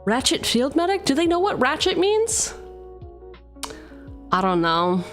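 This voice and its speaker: A woman's voice: sits high, very animated, measured pace, fairly bright tone, soft background music. A young adult woman hosting a casual live stream about building a card-game deck, playful and teasing, mixing card text with banter. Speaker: streamer host.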